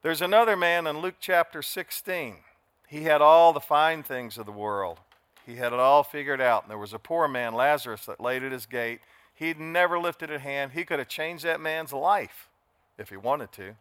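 Older male pastor, drawl, bright and slightly high voice, dramatic sermon delivery. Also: moderate pace, clear, resonant tone, dry recording. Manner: dramatic, shifts from soft to shouting.

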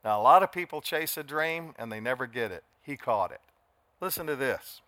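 An older man preaching a dramatic sermon, swinging from quiet asides to sudden shouts. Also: medium pitch, expressive, normal speed, no room sound. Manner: dramatic, shifts from soft to shouting. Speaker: pastor.

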